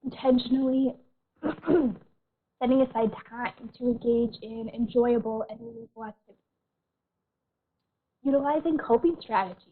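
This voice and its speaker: A woman counselor leads an online workshop in a gentle, reassuring voice, pitched a little high, and keeps clearing a tickle from her throat. The sound is thin and tinny, like a phone line, from a computer mic on a video call. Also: steady tone, moderate pace, pauses often.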